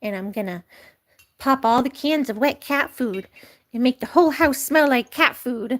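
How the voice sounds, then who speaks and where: Woman doing a squeaky, bragging little tomcat kitten for a pet vlog, greedy and cocky, with a high, giggly delivery. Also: normal speed, a bit bright. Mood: boastful. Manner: giggly, bragging, sing-song. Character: boastful greedy male kitten, tiny and cocky.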